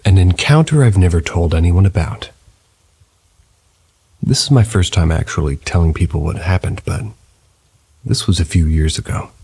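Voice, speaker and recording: A man with a very low, gravelly voice reads true ghost encounters in a slow, hushed late-night way. His tone is dark and husky. Steady rain falls in the background. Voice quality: very deep gravelly voice. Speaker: narrator reading submitted stories. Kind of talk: scripted narration of stories. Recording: rain sounds behind the voice.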